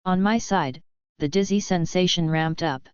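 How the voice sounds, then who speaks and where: A woman narrating a first-person story as an audiobook reader, in a slow, even reading. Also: fairly low pitch, clear, resonant tone, no echo, dull audio.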